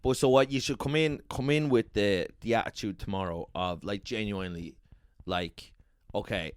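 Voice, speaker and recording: A man's voice: lowish voice, normal speed, clear, resonant tone, dry recording, studio quality. A man trading crude jokes and advice as a podcast co-host. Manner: jokey, crude banter. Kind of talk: casual chat.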